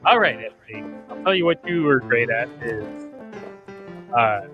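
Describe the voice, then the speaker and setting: Slow sing-song male show host. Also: mid-range voice, animated, narrow, tinny audio, over music. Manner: drawn-out, sing-song showman delivery. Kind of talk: hosting a show.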